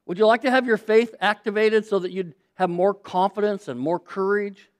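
High-voiced man preaching emphatically. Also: normal speed. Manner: emphatic preaching, repeats phrases, asks audience to respond. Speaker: pastor. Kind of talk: sermon.

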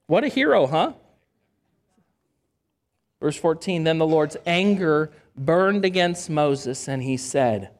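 A man with a high voice gives a sermon as a pastor. He reads scripture aloud and stops often to add casual, conversational comments to his listeners. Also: expressive, takes it slowly, long pauses.

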